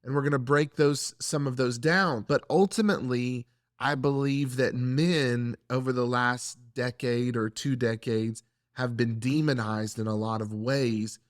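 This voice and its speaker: A man hosting a faith-based discussion, speaking in an earnest, measured and reflective way. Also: mid-range voice, dry recording, clean studio sound. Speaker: church podcast host.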